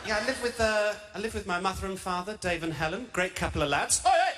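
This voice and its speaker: A man's voice: high-pitched, quick pace, loud music behind the voice. A young man with a Birmingham accent doing a stand-up routine, camp, chatty and self-mocking. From England. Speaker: stand-up comedian. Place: large theatre stage. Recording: live stage mic with heavy noise.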